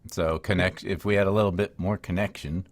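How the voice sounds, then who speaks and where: A middle-aged man hosting a legal podcast, chatting in a relaxed, thoughtful way. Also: low voice, a little fast, no room sound. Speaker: podcast host, lawyer. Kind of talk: casual interview chat.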